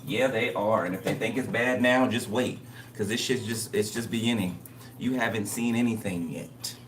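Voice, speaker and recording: A tarot reader gives a casual spiritual reading in a fairly low voice at a moderate pace. He's blunt and emphatic, repeats himself, and swears freely. The sound is roomy, with a distant mic and slight background noise.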